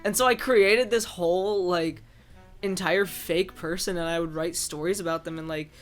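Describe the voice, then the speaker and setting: A man's voice: sits high, normal speed, a bit bright, faint music behind. A young man co-hosting a casual podcast, telling a self-deprecating story with many "um" fillers. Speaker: podcast co-host and editor. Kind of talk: casual chat.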